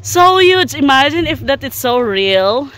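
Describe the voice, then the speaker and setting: High, excited mother coaxing her toddler. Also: measured pace, a little hiss or hum. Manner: excited, sing-song, exclamatory. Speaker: parent filming a zoo visit. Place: outdoor zoo.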